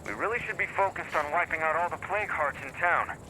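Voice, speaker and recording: A man's voice: fairly high pitch, fast, bright, forceful tone, a little hiss or hum, rough recording. An actor playing a determined male survivor of a zombie outbreak in a video game, speaking with urgent earnestness.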